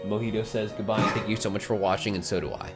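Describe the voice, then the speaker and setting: A young man with a low voice, reading a visual novel aloud for his gaming channel. He talks in an excitable, loose way, swearing and laughing between lines. Game music plays under his voice. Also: fast talker.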